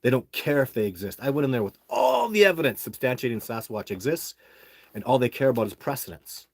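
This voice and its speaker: A man's voice: mid-range voice, sing-song, brisk, breathy edge, dry recording. A man from Canada, an independent Sasquatch researcher who hosts the show, telling a story in a casual monologue. He talks bluntly and heatedly and swears freely while he vents.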